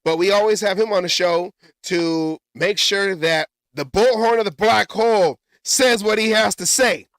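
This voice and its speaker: A man's voice: high-pitched, moderate pace, fairly bright tone, no room sound, clean studio sound. A man hosting a casual sports talk show, rambling and often stumbling and correcting himself. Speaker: podcast host.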